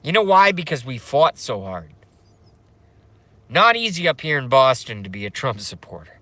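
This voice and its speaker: A man's voice: medium pitch, sing-song, normal speed, sharp tone, no room sound. A man hosting a casual livestream, rambling, swearing, and reading out viewer comments. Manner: rambling, profane, emotional; reads chat comments aloud. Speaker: livestream host.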